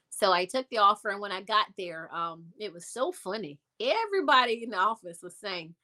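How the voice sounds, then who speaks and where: Bright, animated woman telling a story. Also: mid-range voice, a little fast, hardly any pauses. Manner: animated, acts out quoted voices. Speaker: interview guest. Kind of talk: casual storytelling.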